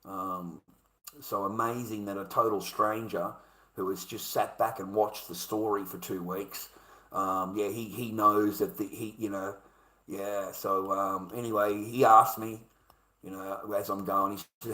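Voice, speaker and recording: A man's voice: fairly low pitch, level tone, measured pace, pushed and bright. Rambling man in an echoey room. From Australia. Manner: rambling, slangy, addresses listener as mate and bro. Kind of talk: rambling personal storytelling.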